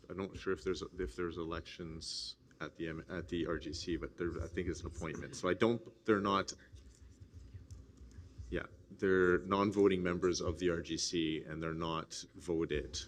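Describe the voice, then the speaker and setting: A man with a deep, low voice chairs a formal assembly. He talks in a measured, hesitant way, filling pauses as he explains procedure. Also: a little hiss or hum. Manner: measured, hesitant with many fillers. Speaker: meeting chair.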